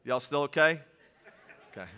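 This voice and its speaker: Bright-voiced preacher in a reverberant church. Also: male voice, a little high, normal speed, clear, resonant tone. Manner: animated preaching with humorous asides, swings from loud to soft. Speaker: pastor. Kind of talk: sermon. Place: church sanctuary. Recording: long reverb of a church hall.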